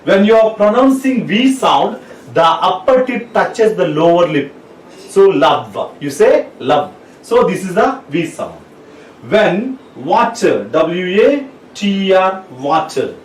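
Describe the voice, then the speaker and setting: A man gives a slow classroom lesson. His pitch rises and falls a lot as he repeats words and spells letters aloud. The sound is roomy and distant, as if he stands back from the mic. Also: animated, slight background noise. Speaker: English teacher. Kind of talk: classroom lecture. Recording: echoey room, voice from off the mic.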